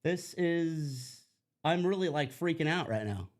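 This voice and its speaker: A man's voice: on the high side, lively intonation, a little slow, darkish tone. A man co-hosting a casual livestream, flustered and cursing while he sorts out audio trouble. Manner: flustered, swears, repeats himself. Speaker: podcast co-host.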